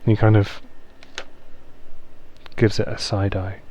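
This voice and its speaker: A man narrating a tabletop game as its game master in a slow, theatrical way. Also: on the low side, little pitch movement, warm tone.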